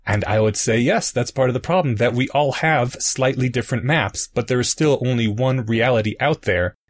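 A man's voice: mid-range voice, normal speed. A man co-hosting a podcast, patiently explaining ideas through everyday analogies in casual chat. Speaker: podcast co-host.

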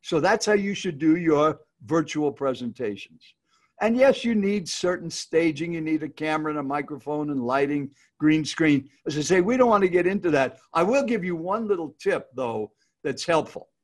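A man's voice: on the high side, expressive, moderate pace. A man giving casual, upbeat speaking advice on a video call, repeating his key points as he teaches. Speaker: speaking coach guest.

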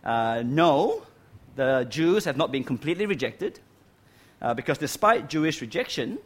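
A man's voice: fairly high pitch, very animated, moderate pace. A man preaching a sermon in a church hall, reading scripture aloud and stressing key words, checking in with "right?" again and again. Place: church hall with air conditioning.

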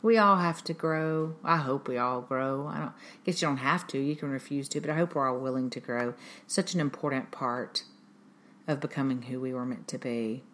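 A woman's voice: very deep voice, normal speed. A middle-aged woman hosting a parenting podcast, talking earnestly and emphatically, often acting out what she says to her kids. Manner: earnest, emphatic, animated with quoted asides. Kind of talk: solo podcast talk.

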